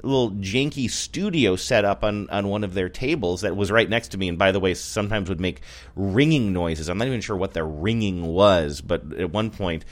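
A man's voice: low voice, moderate pace. A man co-hosting a podcast, chatting casually in a rambling, self-correcting way and laughing often. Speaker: podcast co-host. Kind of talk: casual chat. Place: North Seattle area.

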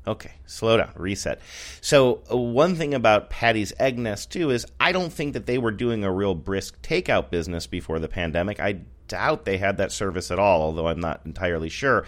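A man with a very low voice talks loosely on a podcast, rambling and stopping to correct himself. He laughs often between thoughts. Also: animated, moderate pace. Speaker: podcast co-host. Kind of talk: casual chat. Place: North Seattle area.

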